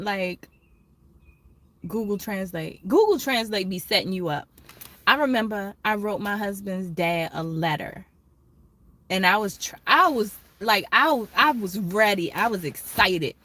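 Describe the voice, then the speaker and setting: Slow-talking chatty woman on a livestream. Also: mid-range voice. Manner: chatty, animated storytelling with quoted voices. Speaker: livestream host. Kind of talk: casual livestream chat with viewers.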